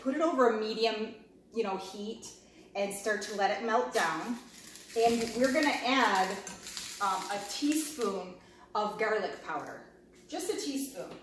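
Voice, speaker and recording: A woman chatting casually to viewers while she cooks at home, tasting food and walking through a recipe. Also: mid-range voice. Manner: talkative, talks while cooking and tasting food. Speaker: home cooking vlogger. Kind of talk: chatty cooking demo. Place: home kitchen. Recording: echoey kitchen, mic a bit far off, clear background noise.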